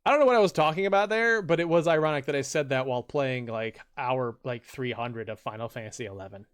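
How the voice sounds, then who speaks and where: A man streams a game while reading viewer quotes aloud, chatting in a loose, rambling way and switching to loud, high-pitched voices whenever he quotes someone. He talks fast and smoothly.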